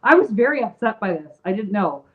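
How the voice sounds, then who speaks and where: A woman co-hosts a casual chat, blunt and full of swearing, laughing as she talks. Her voice sits at an ordinary pitch for a woman. The sound is thin and tinny, like a phone line. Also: sing-song, brisk. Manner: blunt, profane, laughs often. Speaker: podcast co-host.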